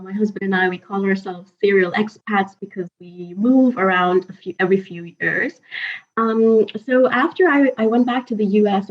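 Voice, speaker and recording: A woman guest recounting her life at home, lively and quick to laugh. Her voice sits at a middling pitch. The sound is dull and lo-fi. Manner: lively, laughs often, retells dialogue animatedly. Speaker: podcast guest. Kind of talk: storytelling interview chat.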